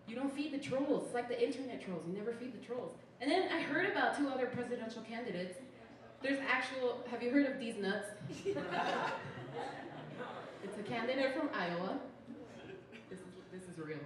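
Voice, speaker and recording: A young woman from Utah performs stand-up in a chatty, sarcastic way, with "like" in almost every sentence. Her voice is a little higher than most women's. She is picked up from a distance in a very echoey room, with a steady noisy hiss behind her. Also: normal speed, pauses often. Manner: chatty, sarcastic, says "like" constantly. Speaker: stand-up comedian. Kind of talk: stand-up comedy set. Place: small comedy show venue. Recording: echoey room from far off with noise.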